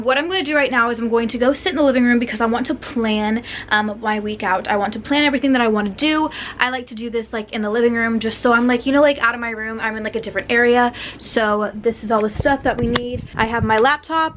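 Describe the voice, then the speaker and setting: A young woman talks casually into her camera at home, her voice sitting a little high. She keeps dropping in "like" and "literally" as she chats along. A faint hum of room ambience sits behind her. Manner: chatty, heavy use of "like" and "literally". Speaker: vlogger. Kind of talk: casual vlog chat. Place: home, bedroom and bathroom.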